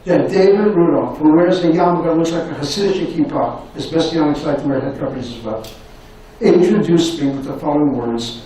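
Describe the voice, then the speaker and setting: An older man giving a university lecture, telling stories in an animated way and repeating his phrases. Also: on the high side, a little fast, far from the mic, a little hiss or hum. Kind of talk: anecdotal lecture storytelling. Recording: echoey room recorded from afar.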